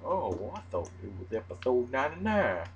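Excitable man joking over gameplay. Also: fairly quick, muffled recording, heavy background noise. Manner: excitable, jokey, jumps into mock-outraged squeaky shouts. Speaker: gaming channel host. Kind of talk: casual gameplay commentary.

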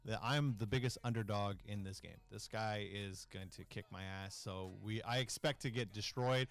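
A man's voice: lowish voice, normal speed. Rambling man chatting over a video game. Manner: rambling, swears freely, laughs often. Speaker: co-host and gamer. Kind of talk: casual gaming chat.

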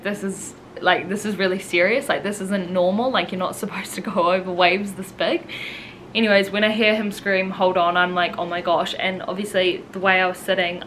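A woman's voice: mid-range voice, a bit bright, slight background noise, rough recording. A young woman from New Zealand telling a personal story to camera in a rambling, emotional way, full of "like" and "um". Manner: rambling, heavy use of "like" and "um", emotional. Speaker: vlogger.

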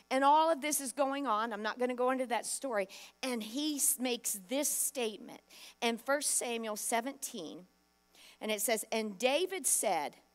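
A woman pastor preaching a sermon, emphatic, acting out Bible quotes and putting direct questions to the congregation. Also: high voice.

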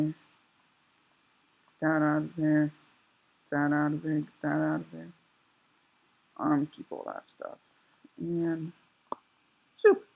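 A young man giving casual, excitable commentary while he plays a survival game, exclaiming and joking sarcastically. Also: a little high, creaky, husky, narrow, tinny audio. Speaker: gameplay commentator.

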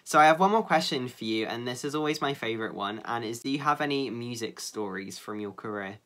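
A man's voice: medium pitch, expressive, a little fast, a bit bright. A man hosting a casual online interview, upbeat and keen to praise his guest. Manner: upbeat and eager, full of praise. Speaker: interview host.

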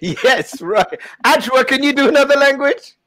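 A man hosting a casual show, joking and teasing his guests with quick restarts. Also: very high voice, expressive, a bit bright, no echo. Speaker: host. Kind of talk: casual chat on a live show.

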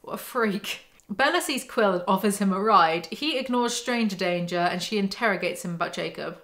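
Young woman roasting a book on her channel, sarcastic and exasperated, mid-pitch voice, close mic. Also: animated, moderate pace, a bit bright. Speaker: book commentary host. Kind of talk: reading from a novel with sarcastic commentary.

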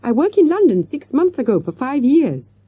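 A woman's voice: high-pitched, big pitch swings, normal speed, dark tone, dry recording, voice pushed up. A woman playing a flustered French hotel manager. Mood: effusive. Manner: effusive, flustered, eager to please. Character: excitable French male hotel manager, fussy.

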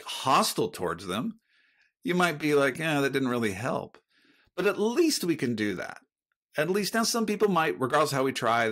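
A man's voice: medium pitch, fairly bright tone. Earnest reflective man, podcast guest. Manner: earnest, reflective, faith-based talk. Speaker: guest author. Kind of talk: conversational podcast interview.

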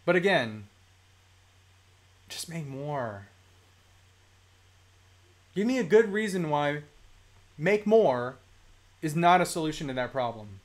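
Male stream host, higher voice with lively swings, heated and chatty. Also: takes it slowly, long pauses. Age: adult, works a day job. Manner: animated, ranting, reads chat comments aloud. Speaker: toy collecting livestream host. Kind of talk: casual livestream chat.

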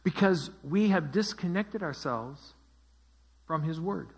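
A man's voice: on the high side, animated, slow, husky. A man teaching a Bible study as pastor, asking his group questions and repeating their answers. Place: church.

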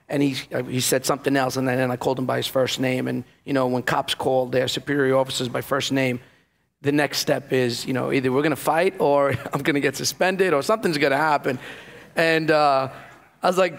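A man's voice: medium pitch, steady tone, fairly quick. A man, a former police officer, telling his story in an interview with lots of fillers and acted-out dialogue. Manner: emotional storytelling, acts out the dialogue, many fillers. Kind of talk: personal testimony in an interview.

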